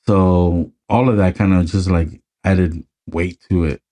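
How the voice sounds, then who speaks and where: A man's voice: deep voice, steady tone, measured pace, mellow. A man co-hosting a podcast in casual chat, laid-back and swearing freely as he acts out lines from a film. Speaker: podcast co-host.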